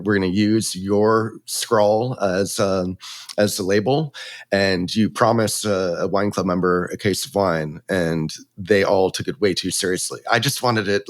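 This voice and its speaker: Man, winery owner, casual and animated storyteller, slightly low voice. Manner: animated, acts out quotes with laughs.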